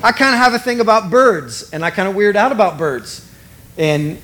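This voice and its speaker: A middle-aged man preaching a sermon, animated and conversational, acting out both sides of the dialogue he retells. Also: high voice, moderate pace. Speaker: pastor.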